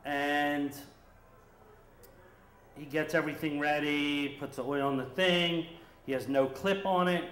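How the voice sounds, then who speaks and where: A man tells a funny personal story on stage, lively and animated. His voice sits a little above the usual male range. The sound carries a roomy hall echo. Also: on the high side, a little slow, pauses often, slight background noise. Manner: lively, animated retelling with acted quotes. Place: stage at a story slam event.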